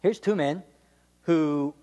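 A young man giving a humorous, animated sermon, telling the story with laughs and playful voices. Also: a little high, slow pace, in a large hall. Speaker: preacher.

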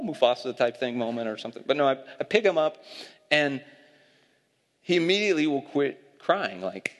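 Animated man preaching in a reverberant hall. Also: a little high. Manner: storytelling, animated, laughing at his own stories. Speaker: pastor. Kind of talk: sermon.

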